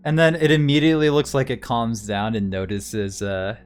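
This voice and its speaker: A man's voice: mid-range voice, steady tone, moderate pace, smooth, faint music behind. A man narrating as game master in a tabletop game, casual and chatty, laughing often.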